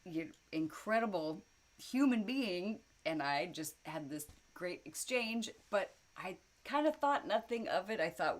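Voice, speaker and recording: A woman's voice: fairly low pitch, very animated, unhurried. A woman telling a personal story to camera in a casual, rambling way, with many fillers and frequent laughs. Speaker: vlogger telling personal stories. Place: indoors at home, lit by light bulbs.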